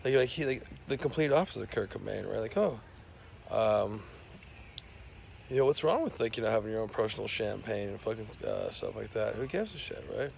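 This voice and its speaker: A man's voice: lowish voice, expressive, a little fast, creaky, a little mellow, a little hiss or hum. A man delivering a profane, rambling comic rant full of fillers and restarts. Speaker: self-described scientist.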